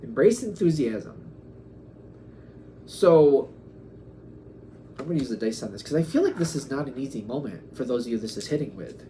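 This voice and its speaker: Musing man giving a mellow tarot reading. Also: medium pitch, big pitch swings, brisk, a little hiss or hum. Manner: musing, wandering, acts out quoted back-and-forth exchanges. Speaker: tarot reader.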